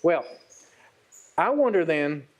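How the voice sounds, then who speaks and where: A male pastor delivering a sermon in a high, very lively voice that climbs and falls through an animated retelling. He speaks straight to the women in the room. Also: takes it slowly. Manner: animated storytelling, addresses the women directly.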